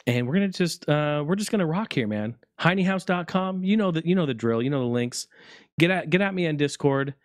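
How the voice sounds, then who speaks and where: A man's voice: on the high side, lively intonation, brisk, no room sound, clean studio sound. A man hosting his own gaming podcast, talking casually in a rambling, heartfelt way and swearing freely. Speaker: podcast host. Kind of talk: casual solo podcast talk.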